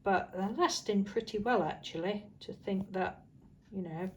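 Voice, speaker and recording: A woman's voice: medium pitch, unhurried, darkish tone, highs cut off. Chatty British woman crafting. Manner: chatty, rambling and cheerful. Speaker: craft vlogger. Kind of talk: casual chat while crafting.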